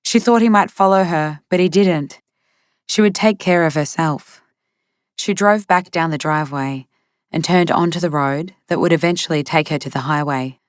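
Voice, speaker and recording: A woman reads an audiobook in a measured, steady manner. Her voice sits somewhat low. The studio sound is close and dry, with no room around it. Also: dry recording. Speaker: audiobook narrator. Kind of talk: scripted narration.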